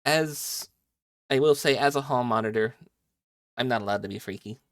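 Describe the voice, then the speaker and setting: Young male streamer, mid-pitched, chatty and joking with chat over a dry headset mic. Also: normal speed, fairly bright tone, no room sound. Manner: chatty and playful, reacting to chat as he plays. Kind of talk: casual live game-stream chat with viewers.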